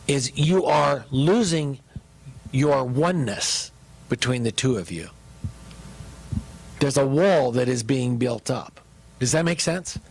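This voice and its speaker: Man pastor, gravelly, husky, joking, animated marriage sermon. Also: fairly high pitch, low-quality recording. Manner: joking, animated, speaks to the audience.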